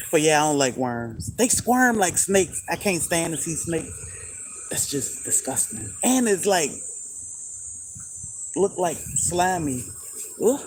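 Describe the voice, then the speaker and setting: A woman's voice: low-pitched, slight background noise, poor audio. A woman hosting a homestead livestream, chatting casually and laughing as she answers viewer comments. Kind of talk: casual live chat.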